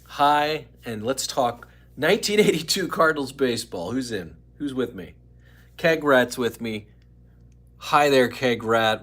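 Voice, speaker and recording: A man's voice: mid-range voice, expressive, measured pace, a bit bright. Rambling, chatty man hosting a live stream. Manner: rambling, chatty, greets viewers by name. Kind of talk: casual live stream chat.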